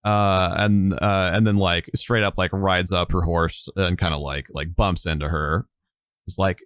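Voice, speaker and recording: A man's voice: deep voice, steady tone, a little slow, a bit bright, clear, resonant tone, no room sound, studio quality. A man narrating a tabletop game as game master, rambling with many fillers.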